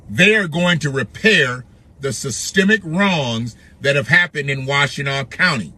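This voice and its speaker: A man's voice: medium pitch, expressive, measured pace, pushed and bright. A man commenting on news clips in a blunt, sarcastic way, mocking what he hears with repeated questions.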